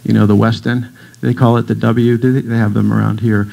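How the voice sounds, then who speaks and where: A man's voice: lowish voice, flat delivery, fairly quick, gravelly, warm tone, poor audio. A middle-aged man giving a casual, jokey talk to a church audience as a breathwork teacher, telling stories and acting out voices. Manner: playful, jokey storyteller who acts out voices. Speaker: guest speaker, breathwork teacher. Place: congregation hall.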